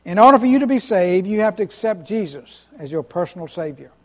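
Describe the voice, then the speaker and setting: High-voiced preacher in a reverberant church. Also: male voice, lively intonation, fairly quick. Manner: earnest, emphatic preaching with repeated phrases and restarts. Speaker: pastor. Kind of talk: sermon. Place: church sanctuary. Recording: long reverb of a church hall.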